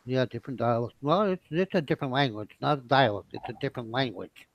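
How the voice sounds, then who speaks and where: A man's voice: medium pitch, fast talker, dull audio. A man from the United States in a casual group chat, talkative and insistent, often laughing.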